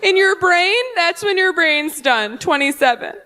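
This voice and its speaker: A woman voicing a tipsy female audience heckler, loud and lecturing, in a stand-up bit. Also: extremely high pitch, animated, unhurried, in a large hall, slight background noise, pitched above the performer's own voice, exaggerated voice.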